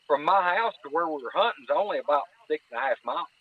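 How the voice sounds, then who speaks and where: A man's voice: a little high, lively intonation, quick pace, gravelly, slightly rough. A man telling a hunting story in a folksy way, often repeating "I said" as he recounts conversations. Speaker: podcast guest telling hunting stories. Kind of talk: casual storytelling. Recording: dry, tinny phone-line sound.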